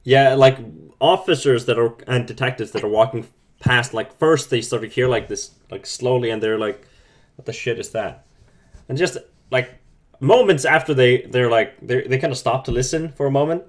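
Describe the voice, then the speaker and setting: A man at a mid pitch narrating as game master for an online tabletop game. He talks loosely, with lots of fillers and quick asides to his players, setting scenes on the fly. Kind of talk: narrating a tabletop role-playing game over a call. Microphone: remote call mic.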